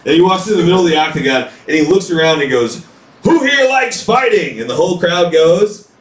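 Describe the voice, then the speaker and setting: A man's voice: fairly high pitch, fast talker. Chatty man doing stand-up, roomy far sound. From small town. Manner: chatty, leans on "like", acts out quotes. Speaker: stand-up comedian. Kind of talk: stand-up routine. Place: comedy club stage. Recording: echoey club room heard from far off.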